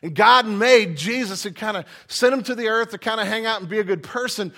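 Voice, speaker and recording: A man preaching a sermon in a loose, conversational style. His voice sits high for a man and has a bright, forward edge, and he talks easily and informally. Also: a little fast. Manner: casual, chatty preaching with frequent fillers. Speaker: pastor.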